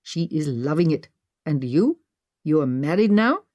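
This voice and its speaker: A woman voicing a friendly Indian man with an Indian accent, speaking slowly and with formal politeness. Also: low voice, big pitch swings, darkish tone, full character voice. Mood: effusive. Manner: slow, effusive, formal politeness. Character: friendly middle-aged Indian man, a warm driver.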